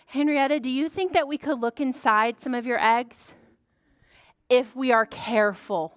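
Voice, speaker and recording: Librarian lady doing preschool story time, high bright voice, dry close sound, lots of gasps. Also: dry recording. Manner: animated, gasping, sing-song to children. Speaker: children's librarian.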